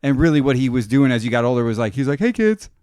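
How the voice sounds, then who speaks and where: A man co-hosting a podcast in casual chat, joking and swearing a lot in quick banter. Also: medium pitch, steady tone, warm tone, clear, resonant tone, no echo, clean studio sound. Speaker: podcast co-host.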